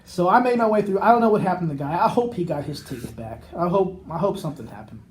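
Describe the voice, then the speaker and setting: Man telling a rambling story, warm dark tone. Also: high voice, fast talker, slight background noise. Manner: rambling, animated anecdote with acted quotes. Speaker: podcast co-host. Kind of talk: casual storytelling chat.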